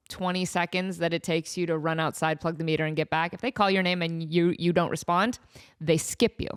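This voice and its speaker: A woman hosting a podcast, telling stories in a rambling, animated way and laughing often. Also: lowish voice, smooth. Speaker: podcast host. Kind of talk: casual storytelling monologue.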